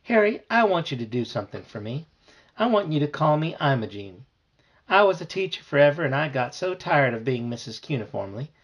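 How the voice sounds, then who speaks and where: A man reading aloud and voicing a polite, gentle grandmotherly retired teacher with a husky voice. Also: fairly high pitch, sing-song, brisk, lo-fi sound. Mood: fussing, hospitable. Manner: gentle, fussy, hospitable.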